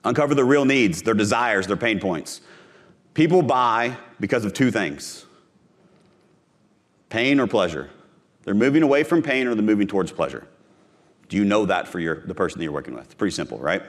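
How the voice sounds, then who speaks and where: A man's voice: lowish voice, lively intonation, moderate pace, pauses often. A man from Missouri giving a live conference talk on sales, punchy and direct, repeating his key phrases and speaking straight to the audience. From Missouri, USA.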